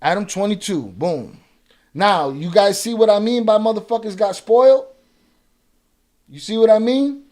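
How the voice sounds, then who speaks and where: A man's voice: high-pitched, moderate pace, pauses often, a little mellow. A man hosting a live reaction stream, talking in a profane, confrontational way with heavy street slang and reading viewer chat aloud. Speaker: livestream reaction host. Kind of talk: casual livestream chat.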